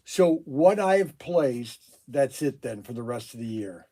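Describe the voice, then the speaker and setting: A middle-aged man, a hobby shop owner, taking phone calls and exclaiming in loud disbelief, often repeating himself. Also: medium pitch, lively intonation, measured pace, few pauses, a little hiss or hum. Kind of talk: phone calls during a work livestream. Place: his toy shop.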